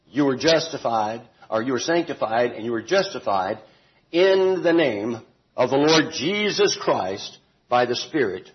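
A man leads a Bible study, speaking slowly and carefully with plenty of deliberate pauses. His pitch swings up and down lively as he stresses each point, and he adds folksy asides and corrects himself as he goes. The recording sounds dull and lo-fi. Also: a little hiss or hum. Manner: deliberate, emphatic, with homely asides and self-corrections. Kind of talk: informal Bible teaching to a group.

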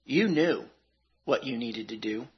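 A man voicing a sorrowful, grave Jesus in a spoken sermon poem, quiet and solemn. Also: animated, measured pace, breathy edge. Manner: low, quiet, solemn delivery. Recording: dull lo-fi recording.

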